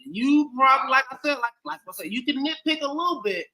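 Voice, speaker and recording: A man's voice: extremely high pitch, animated, quick pace, bright, forceful tone, low-quality recording. A man co-hosting a casual sports podcast, giving game grades in a playful, rambling way, often saying "like I said". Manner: repeats "like I said", playful.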